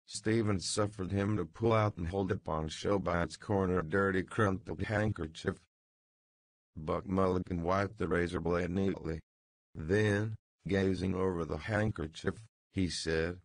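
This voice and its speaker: A man narrating a literary audiobook in an unhurried, measured way. His voice is very low with a gravelly texture. The recording is dry and close. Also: fairly even intonation, no room sound.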